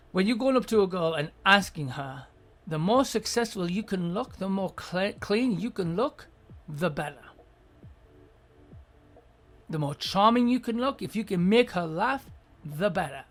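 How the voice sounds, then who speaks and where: Blunt, profane advice-show host. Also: mid-range voice. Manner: blunt, profane, acts out sample lines. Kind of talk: casual advice monologue.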